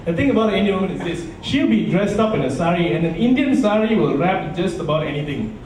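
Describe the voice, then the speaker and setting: A man from Malaysia working a club crowd with stand-up comedy. His voice sits high and delivery is punchy, often dropping into low asides. He is heard from far across a very echoey room, with a noisy crowd hum behind. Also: lively intonation, brisk, a little mellow. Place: nightclub stage.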